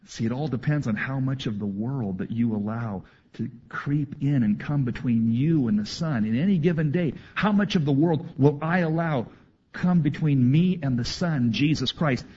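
A man preaching a sermon to his congregation, reading scripture aloud and adding animated asides. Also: mid-range voice, moderate pace, husky, muffled recording. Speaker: pastor.

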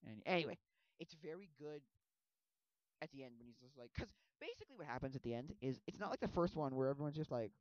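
A man's voice: fairly high pitch, big pitch swings, fast talker, no echo. A man in his early twenties, rambling casually and animatedly, acting out scenes as he talks. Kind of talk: casual chat. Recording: dull lo-fi sound.

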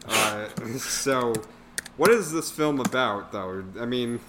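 A man's voice: mid-range voice, expressive, takes it slowly, background noise. A man casually reviewing a bad film on a podcast, rambling with lots of fillers and laughs. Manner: rambling, filler-heavy, laughs at own jokes. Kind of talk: casual chat.

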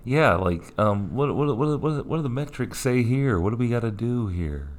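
A man's voice: mid-range voice, lively intonation, moderate pace. A man co-hosting a podcast in casual chat, playful and jokey, sometimes slipping into a sing-song delivery. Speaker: podcast co-host.

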